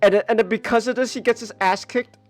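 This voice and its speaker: A man hosting a casual podcast, ranting in an animated, exasperated way with mocking asides. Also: high voice, quick pace, faint music behind. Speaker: podcast host. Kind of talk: casual chat. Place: home streaming setup.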